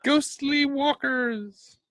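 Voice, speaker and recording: A player putting on a high, drawn-out ghost voice. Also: fairly bright tone, no echo, exaggerated voice. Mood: spooky. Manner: drawn-out, slow, mock-innocent. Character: eerie sing-song ghost walking at midnight.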